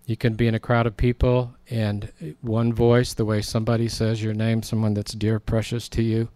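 A man's voice: fairly low pitch, completely flat delivery, normal speed, mellow, dry recording. A man preaching a sermon in a conversational, storytelling way, acting out quoted lines.

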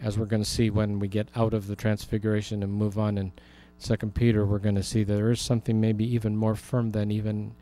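A man's voice: fairly low pitch, completely flat delivery, a little fast, hardly any pauses, dark tone. A man preaching a Bible teaching sermon in a conversational way, with humorous asides. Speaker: pastor.

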